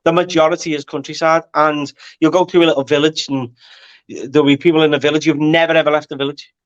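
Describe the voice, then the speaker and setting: A man's voice: a little high, quick pace, muffled recording. A man in his forties with a Liverpool accent, a guest telling stories animatedly in a casual chat and often checking that he is being followed. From Liverpool, England. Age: 40s. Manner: animated storyteller, checks in with "do you know what I mean". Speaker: guest actor.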